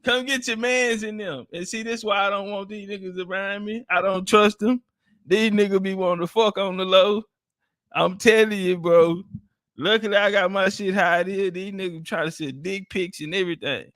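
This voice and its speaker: A man's voice: high voice, fairly even intonation, normal speed, a bit bright, no room sound, studio quality. A man giving casual, profane commentary on clips, laughing and mocking as he talks. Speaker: online commentator.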